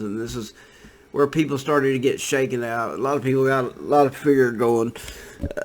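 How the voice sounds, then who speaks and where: A man with a voice of ordinary middle pitch talks through price charts in a loose, offhand way. He rambles, restarts and leans on fillers as he goes. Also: normal speed, slight background noise. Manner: rambling, laid-back, many fillers. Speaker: crypto trading commentator. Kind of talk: casual screen-share commentary.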